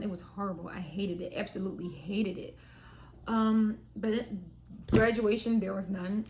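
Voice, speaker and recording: A young woman recounts a personal story straight to camera in a loose, chatty way. She slips into little performed quotes of herself and her family, which keeps her delivery lively. A faint hiss sits under the recording. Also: mid-range voice. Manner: animated, acts out quotes of herself and her sister. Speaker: vlogger.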